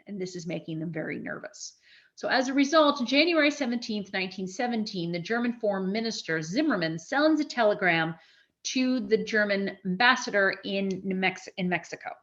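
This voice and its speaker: A woman giving a spoken history lecture, telling events as a lively story with restarts and asides. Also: mid-range voice, highs cut off.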